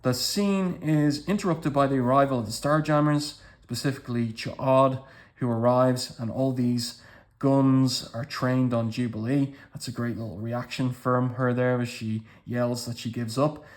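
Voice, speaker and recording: A man's voice: medium pitch, steady tone, a little slow. A man giving casual commentary as he walks through comic book pages panel by panel, with appreciative remarks.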